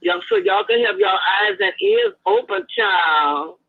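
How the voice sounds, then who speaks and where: A woman calling in to a talk stream, dropping teasing hints in a sing-song voice with drawn-out endearments. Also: very high voice, wildly swooping pitch, gravelly. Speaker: caller. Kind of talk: gossipy call-in chat. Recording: tinny phone line.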